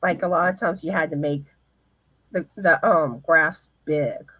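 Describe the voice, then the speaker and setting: A woman, hoarse, co-hosting a casual crochet livestream and speaking hesitantly with many restarts. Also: low-pitched, a little slow, dry recording, muffled recording. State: hoarse, voice going in and out.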